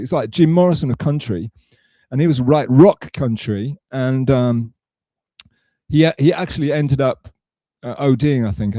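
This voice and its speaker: A man's voice: mid-range voice, warm tone, no room sound, clean studio sound. Rambling man chatting on a livestream. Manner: rambling, profane, self-correcting. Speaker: livestream host. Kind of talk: casual rambling chat to viewers.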